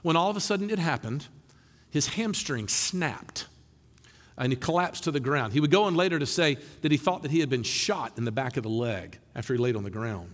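A middle-aged man preaching a sermon in a church, earnest and animated, his voice rising for emphasis. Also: mid-range voice, fairly quick. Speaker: pastor. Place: church sanctuary. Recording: long reverb in a large hall.

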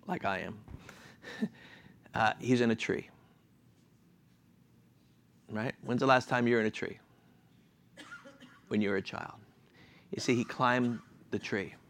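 A preacher at medium pitch poses questions to the congregation and supplies the answers himself. He's animated and chuckles as he goes.

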